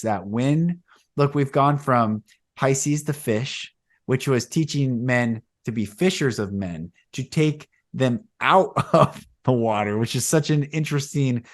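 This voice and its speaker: A man hosting a podcast and sharing his spiritual visions in loose, rambling conversation. He speaks at an everyday, middle pitch and grows more animated as he retells old stories. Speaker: podcast host.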